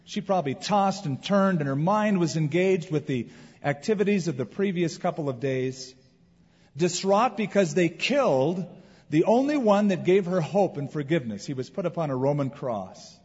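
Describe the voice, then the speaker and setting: A man preaching a sermon as pastor, with swings from loud emphasis to quiet, heavy moments. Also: a little high, normal speed, husky. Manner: expressive preaching with wide swings in loudness. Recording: dull lo-fi recording in a reverberant hall.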